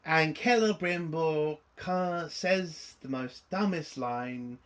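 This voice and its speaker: A man's voice: a little high, slow pace, fairly bright tone. A man giving a casual spoken review of a TV episode, exasperated and sarcastic, swearing often.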